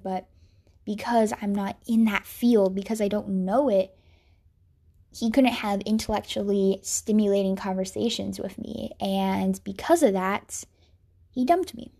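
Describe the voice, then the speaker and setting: Young woman talking thru a breakup, mellow warm voice, earnest and sad, drops to whispers sometimes. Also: medium pitch, a little slow. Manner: earnest, sorrowful, dips into soft whispered asides. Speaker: speaker sharing a personal faith story. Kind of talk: personal testimony monologue.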